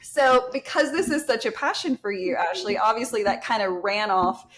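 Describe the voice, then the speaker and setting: Southern woman, podcast host, chatty and laughing, mid-pitched. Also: animated, moderate pace, fairly bright tone. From Texas. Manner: chatty, laughs often, says y'all. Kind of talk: casual podcast chat.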